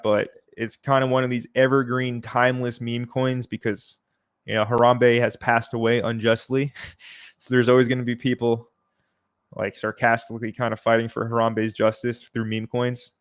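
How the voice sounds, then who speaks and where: A man hosting a livestream, reading out viewer comments and answering them in a relaxed, chatty way. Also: medium pitch, normal speed, smooth. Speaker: livestream host.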